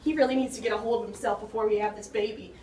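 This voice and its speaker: A woman's voice: mid-range voice, fairly even intonation, racing, a little mellow, natural voice. A teenage girl playing a dramatic, complaining pregnant woman in a school skit. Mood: chatty. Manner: melodramatic, shrieking in labor. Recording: roomy far-off camera audio with noise.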